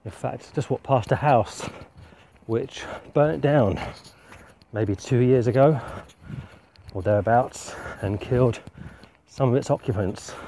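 A man's voice: medium pitch, mellow, a little hiss or hum. Breathless man preaching while walking. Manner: earnest, reflective, measured. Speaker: street preacher. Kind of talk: walking sermon monologue. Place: outdoors on a street, walking.

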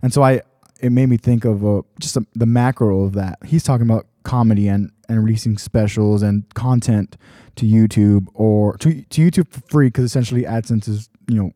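A man's voice: on the low side, steady tone, brisk, hardly any pauses, dark tone, dry recording, studio quality. A man hosting his own podcast alone, talking casually and rambling with frequent restarts. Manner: rambling, self-correcting. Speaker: podcast host. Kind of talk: casual solo podcast talk.

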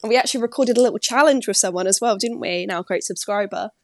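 A woman's voice: mid-range voice, quick pace, no echo. An Englishwoman co-hosting a casual podcast chat, telling stories and laughing often. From England. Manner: chatty storyteller, laughs often. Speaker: podcast co-host.

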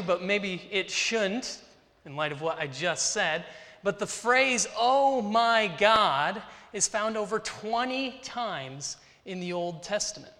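A man preaching a sermon in a slow, earnest, deliberate way, with dramatic pauses. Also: sits high, bright, forceful tone. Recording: reverberant hall.

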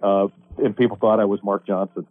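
A man's voice: lowish voice, level tone, brisk. A man broadcaster chatting as a guest on sports radio, friendly and talkative. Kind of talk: casual sports radio interview. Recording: phone line.

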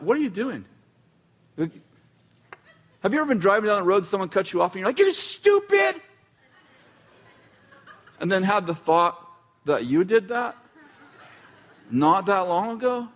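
A man with a notably high voice delivers a relaxed, chatty sermon. He stops and restarts his sentences and drops in dry asides as he goes. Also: normal speed, long pauses. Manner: casual, self-interrupting, with wry asides. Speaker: preacher. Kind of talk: conversational sermon.

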